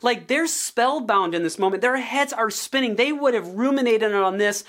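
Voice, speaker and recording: A woman teaching the Bible on a podcast, earnest and steady, slowing down to stress key points. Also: fairly high pitch.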